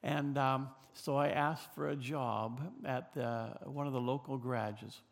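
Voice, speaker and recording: An older man from British Columbia, Canada, telling a personal story in a halting way with many fillers and restarts. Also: mid-range voice, steady tone, creaky, long reverb tail.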